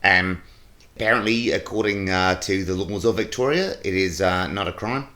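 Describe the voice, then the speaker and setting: A man's voice: sits low, sharp tone. A man voicing a bumbling presenter who stumbles through a disclaimer with constant "uh"s. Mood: awkward. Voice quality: halting, full of "uh"s, awkward.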